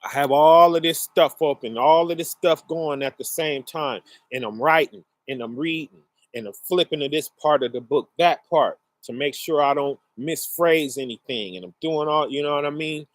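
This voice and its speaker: A middle-aged man telling a personal story in a casual, earnest way, often checking in with the listener, his pace swinging between rushed and slow. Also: a little high, no echo. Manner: conversational, often checks in with "right?" and "you know".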